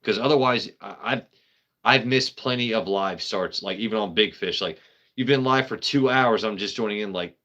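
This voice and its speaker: A man's voice: lowish voice, moderate pace, pushed and bright, lo-fi sound. A man hosting a casual live stream, rambling, joking with his chat and swearing freely. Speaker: livestream host.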